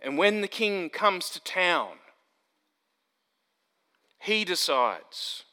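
A man preaching an expository sermon, emphatic, building to stressed points and then dropping low. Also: very animated, drawn-out words, sharp tone. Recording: long hall reverb.

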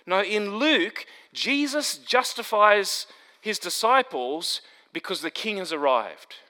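High bright-voiced man preaching in a hall. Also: lively intonation, slow. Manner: emphatic, builds to stressed points then drops low. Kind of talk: expository sermon. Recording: long hall reverb.

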